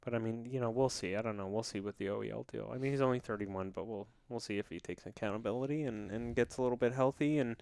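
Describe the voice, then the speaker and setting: A man's voice: medium pitch, fast, creaky, hardly any pauses, darkish tone, clear, resonant tone, dry recording. A man co-hosting a podcast in casual chat, rambling and jokey, with plenty of swearing. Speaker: podcast co-host.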